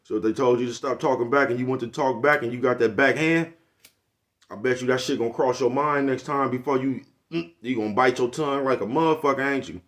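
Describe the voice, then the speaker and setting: A man's voice: mid-range voice, fast talker, a bit bright. An older man, giving a blunt, preachy, profane motivational monologue to his viewers. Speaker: vlogger.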